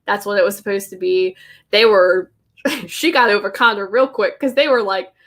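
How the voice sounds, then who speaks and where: A woman's voice: mid-range voice, normal speed, fairly bright tone. A woman co-hosting a podcast in casual chat, laughing often and gushing with lots of "like.". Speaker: podcast co-host.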